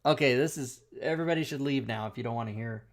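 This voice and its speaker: A man hosts a casual talk show and drifts into crude, rambling anecdotes. He laughs often as he tells them, and his voice sits at an ordinary middle pitch. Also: fast. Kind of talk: casual chat.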